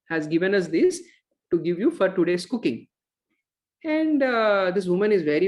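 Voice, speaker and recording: A man teaching a scripture class, telling a devotional story with pauses and fillers and acting out the characters' lines. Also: high voice. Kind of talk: storytelling lecture. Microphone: online course recording.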